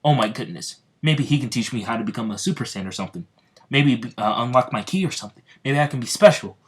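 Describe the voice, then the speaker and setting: A man voicing an eager, fanboyish young male anime hero who gushes excitedly in a raised voice. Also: medium pitch, normal speed, voice pushed up, lightly acted. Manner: excited, breathless gushing.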